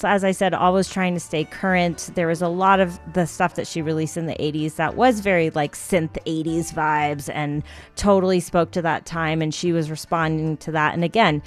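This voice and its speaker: Low-voiced woman radio host. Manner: relaxed, conversational, with fillers. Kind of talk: pledge drive radio talk. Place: radio studio.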